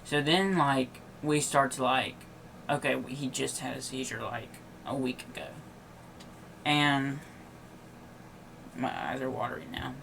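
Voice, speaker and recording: A man's voice: medium pitch, fairly even intonation, unhurried, gravelly, long pauses, fairly bright tone, a little hiss or hum. A tired, yawning young man telling a personal story on his podcast in a rambling, casual way, full of likes and restarts. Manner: rambling, filler-heavy with many likes and restarts. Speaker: podcast host.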